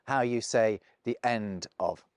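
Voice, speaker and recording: A man's voice: on the low side, slow, clear, resonant tone, no echo, clean studio sound. A man with a British received pronunciation accent giving a scripted, precise explainer narration. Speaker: language video presenter.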